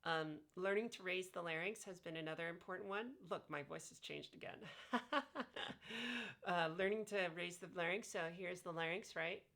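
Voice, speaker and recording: Woman, low pitch, bright tone, casual instructional vlog, lots of ums, demonstrating vowels. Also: moderate pace, gravelly. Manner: explains by demonstrating vowel sounds, many fillers. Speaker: vlogger sharing voice training tips. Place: lying on her back.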